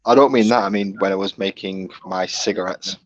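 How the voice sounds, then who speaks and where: Mancunian man, very deep, dry and laid-back, on muffled call audio. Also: fairly even intonation, brisk, dry recording. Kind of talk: casual chat.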